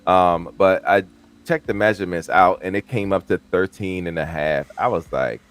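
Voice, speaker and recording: Man, very deep voice, panel guest, matter-of-fact explaining. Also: moderate pace. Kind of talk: casual panel chat.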